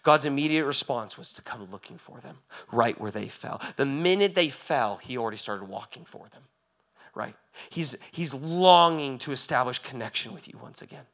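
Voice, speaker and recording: A male pastor giving a sermon, moving from quiet reflection to loud, impassioned preaching with rhetorical questions asked again and again. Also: mid-range voice, lively intonation, moderate pace. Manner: asks rhetorical questions over and over.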